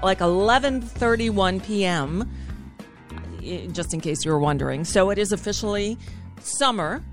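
Chatty woman hosting a talk show. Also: medium pitch. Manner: chatty, digressive, laughs often. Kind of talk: casual chat over video call. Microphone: video call setup.

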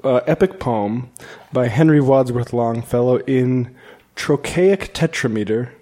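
Man, podcast host, casual joking chat, mellow voice. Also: mid-range voice, a little slow. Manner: laid-back, joking, chatty.

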